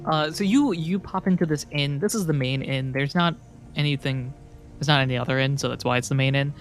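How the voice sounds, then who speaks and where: A man's voice: mid-range voice, brisk, faint music behind. A man running a tabletop game as game master, rambling and joking as he narrates. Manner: rambling, joking, laughs often.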